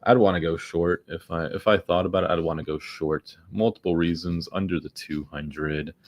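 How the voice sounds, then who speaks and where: A man's voice: sits low, fairly even intonation, moderate pace. Profane, grumbling man trading stocks. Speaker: day-trading streamer. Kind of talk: casual live commentary while trading.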